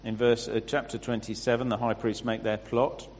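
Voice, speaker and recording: A man's voice: medium pitch, flat delivery, darkish tone. Man preaching in an echoing hall. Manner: explaining scripture with pauses and restarts. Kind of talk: sermon. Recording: muffled sound with long hall reverb.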